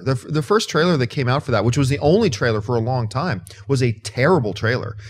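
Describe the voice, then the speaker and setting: A man hosting a casual movie news chat, excitable and emphatic, repeating words when he gets worked up. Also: mid-range voice. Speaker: host.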